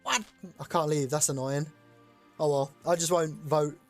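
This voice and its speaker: A streamer hosting a chat-voted game live, excitable and loose, swearing casually while explaining the rules. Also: medium pitch, moderate pace, soft background music.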